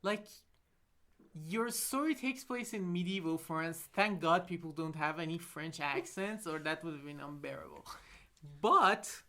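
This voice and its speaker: A woman co-hosting a film podcast in casual chat, sarcastic and quick to laugh. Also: lowish voice. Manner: animated, sarcastic, laughs often. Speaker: podcast co-host.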